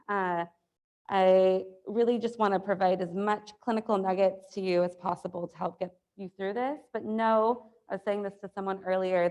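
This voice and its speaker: A woman with a hoarse, allergy-worn voice, teaching an exam review class in a chatty, upbeat way with many fillers. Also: mid-range voice, a little mellow. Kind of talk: classroom lecture. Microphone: lapel mic.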